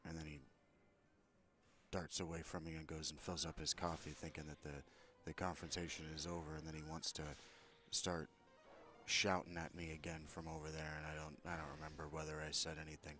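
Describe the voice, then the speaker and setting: Deep-voiced man on an angry profane rant. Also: little pitch movement, fairly quick, bright, forceful tone, soft background music. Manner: profane, aggrieved, retells a confrontation with mounting anger. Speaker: vlogger.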